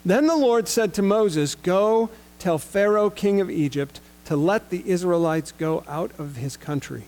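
A male preacher delivers a sermon in a relaxed, conversational manner, slipping into slangy paraphrases of the characters. His voice sits a little higher than most men's. He also reads longer scripture passages aloud. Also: unhurried. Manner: casual, conversational retelling with slangy paraphrased quotes.

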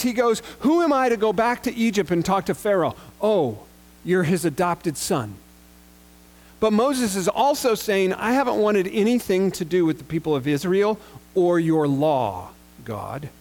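A man's voice: high voice, animated, measured pace, darkish tone. A man preaching a sermon, retelling scripture in a casual, conversational way with slangy paraphrased quotes and long passages read aloud. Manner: reads scripture aloud at length.

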